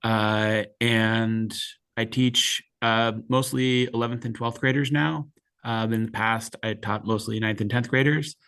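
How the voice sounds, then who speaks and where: A man in his forties, a high school teacher, introducing himself haltingly on a video call. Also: fairly even intonation, fairly bright tone, clean tone. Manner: halting, many fillers.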